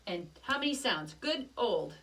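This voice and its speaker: A woman's voice: a little high, sing-song, measured pace, a bit bright, distant mic. A woman teaching a children's music lesson, patiently explaining rhythms step by step and chanting rhythm syllables.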